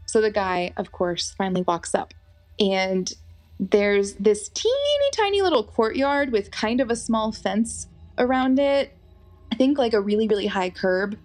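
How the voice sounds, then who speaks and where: A woman's voice: medium pitch, a little slow, soft background music. A young woman telling a personal story in a casual, chatty way, full of fillers. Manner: animated, chatty, lots of fillers.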